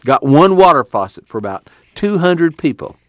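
A man's voice: on the high side, very animated, moderate pace, no room sound, voice pushed up. Man voicing a sad young migrant. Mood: aggrieved.

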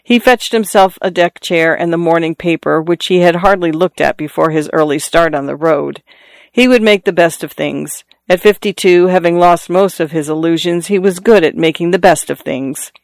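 A man reading a novel aloud in a measured storytelling manner, lifting his voice for characters' calls. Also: gravelly, no echo, clean studio sound. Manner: measured storytelling, lifts pitch for quoted calls. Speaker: audiobook narrator. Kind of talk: scripted narration.

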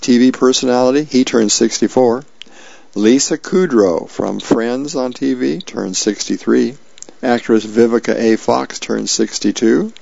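A man's voice: mid-range voice, gravelly, a little mellow, no echo. A man casually reading newspaper columns and comic strips aloud on the radio, with fillers along the way. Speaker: radio reader. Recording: dull lo-fi sound, dry.

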